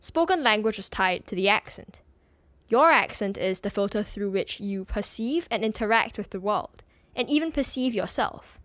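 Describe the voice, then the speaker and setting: A woman co-hosting a podcast, calmly explaining ideas in scripted narration. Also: medium pitch, moderate pace, no echo. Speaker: podcast co-host.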